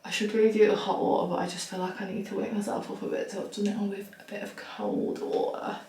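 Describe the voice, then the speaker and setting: A young woman talks casually into her phone, rambling from one frank aside to the next. Her voice has a roomy ring to it. Clear background noise runs beneath her voice. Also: mid-range voice, level tone, fast talker, mellow. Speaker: lifestyle vlogger. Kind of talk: casual vlog chat to camera.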